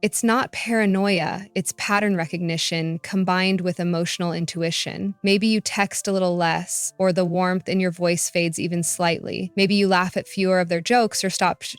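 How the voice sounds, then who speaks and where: Woman doing calm scripted voice-over, lowish voice, dry close sound, faint music under. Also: clean tone, no echo. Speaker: narrator.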